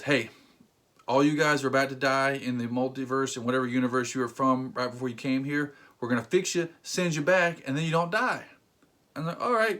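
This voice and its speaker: A man ranting sarcastically in a casual movie review, acting out quotes in mocking voices. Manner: animated, emphatic with sudden jumps in pitch.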